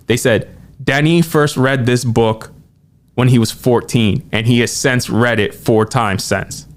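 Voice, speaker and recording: A man co-hosting a podcast, talking quickly and excitedly in casual movie chat and acting out quotes as he goes. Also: mid-range voice. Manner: excited, animated retelling with quoted asides. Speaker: podcast co-host.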